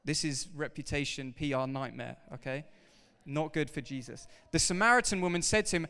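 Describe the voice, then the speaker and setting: A man preaching a sermon to his congregation, animated and emphatic, talking straight to the people in front of him. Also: fairly high pitch, normal speed, hardly any pauses, clean tone. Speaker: pastor. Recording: reverberant hall.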